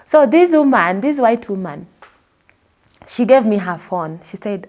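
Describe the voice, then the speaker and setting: A woman with a Kenyan accent recounts her own story as an interview guest, her pitch sitting in an ordinary middle range. She tells it expressively and slips into the voices of the people she describes. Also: moderate pace, darkish tone. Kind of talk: personal storytelling.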